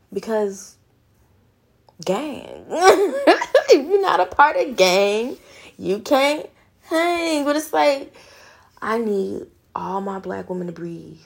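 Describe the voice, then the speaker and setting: Gravelly-voiced young woman podcaster, frank and profane. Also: fairly low pitch, darkish tone. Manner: frank, profane, talks straight to listeners as girl and honey. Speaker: podcast host. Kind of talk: casual motivational monologue.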